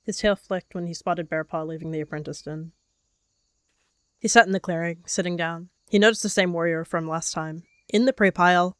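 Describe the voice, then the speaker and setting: A woman calmly narrating a game role-play as a story. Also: on the low side, normal speed, smooth, no room sound, studio quality.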